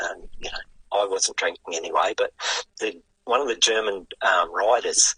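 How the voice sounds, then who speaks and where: An older man with an Australian accent, a guest telling a story in a lively, casual way and swearing freely. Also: fairly low pitch, normal speed, breathy edge, no room sound, rough recording. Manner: animated yarn-spinning with casual swearing. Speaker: guest, retired sidecarcross racer.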